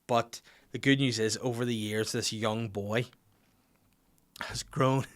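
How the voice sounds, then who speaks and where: Rambling Northern Irish podcast host. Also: male voice, mid-range voice, fairly even intonation, slow. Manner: rambling, jokey, sings little tunes. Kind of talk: casual comic monologue.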